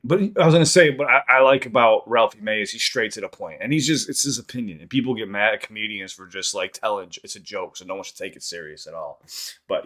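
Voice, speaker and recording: A man's voice: lowish voice, fairly bright tone. A man hosting a reaction channel, talking casually and rambling with frequent laughs.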